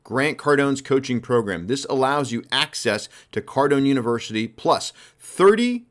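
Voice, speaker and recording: Man, motivational podcast host, emphatic, conversational, mid-pitched voice. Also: normal speed. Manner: energetic, emphatic, conversational, uses "literally" and "like". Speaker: sales coach and podcast host.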